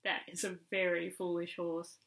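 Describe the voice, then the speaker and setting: A woman's voice: on the low side, level tone, normal speed, vocal fry, a bit bright, poor audio. A woman voicing a proud, independent male wild cat in a storybook reading, sly and aloof. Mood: scornful.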